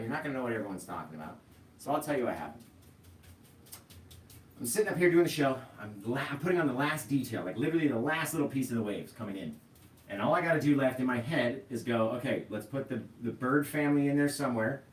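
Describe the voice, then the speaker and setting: A middle-aged man teaches painting live from his home painting room, rambling easily through a story and turning to viewers with a steady "right?". His voice sits at an ordinary pitch and carries from a little way off the mic. The room sounds echoey, with a faint hiss underneath. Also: distant mic. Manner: chatty, talks straight to viewers with frequent "right?". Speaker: painting instructor.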